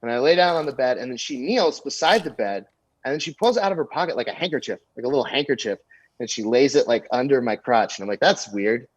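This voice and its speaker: A man's voice: medium pitch, fast, breathy edge, no room sound. Young male comic spinning a raunchy anecdote, dry and slightly dull recording. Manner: animated, crude anecdote telling with many fillers. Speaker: comedian guest. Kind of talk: storytelling on a podcast.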